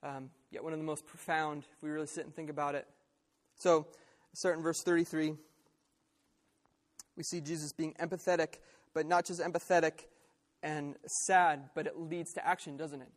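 A man's voice: fairly high pitch, level tone, normal speed. A man preaching a sermon in an earnest, conversational way.

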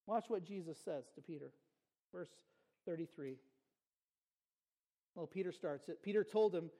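High-voiced pastor preaching conversationally. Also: male voice, normal speed, mellow. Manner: earnest, conversational preaching with playful asides. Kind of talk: sermon.

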